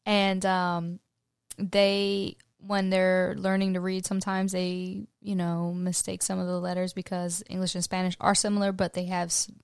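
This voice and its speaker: A woman's voice: fairly low pitch, little pitch movement, moderate pace, smooth, dry recording, clean studio sound. A woman who works as a bilingual teacher, in casual chat, agreeable and laughing often.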